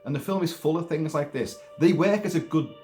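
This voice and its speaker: A man talking casually about a film, rambling in an animated way with many restarts and put-on voices. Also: on the high side, brisk, soft background music. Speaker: film commentator.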